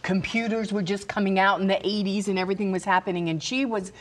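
A woman co-hosting a broadcast talk show, affirming and quick with sounds of agreement. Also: mid-range voice, fairly even intonation.

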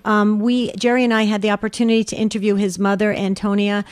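A woman's voice: medium pitch, level tone, fast, clear, resonant tone, dry recording, studio quality. A woman co-hosting a call-in talk show, upbeat as she reads out listener comments. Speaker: co-host. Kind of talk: casual radio talk show.

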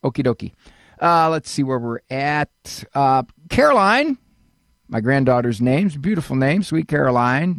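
A man's voice: on the high side, a bit bright, no room sound, clean studio sound. An older man hosting a call-in advice show, folksy and fatherly, often acting out what other people say. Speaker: radio call-in host, psychologist.

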